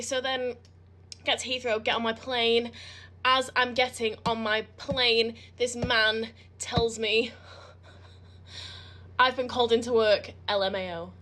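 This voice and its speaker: A young woman with a bright, forward voice tells a travel story straight to camera. She is chatty and dramatic, laughing through tears between sentences. It sounds like it was recorded at an airport. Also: a little high. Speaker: vlogger in a played clip. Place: airport, indoors.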